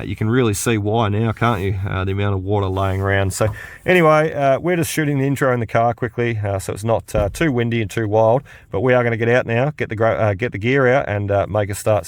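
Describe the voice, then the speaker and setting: Excitable man detecting outdoors. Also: lowish voice, no echo. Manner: excitable, exclaims over finds. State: out of breath. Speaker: metal detecting vlogger. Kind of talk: casual outdoor commentary. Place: wet windy paddock outdoors.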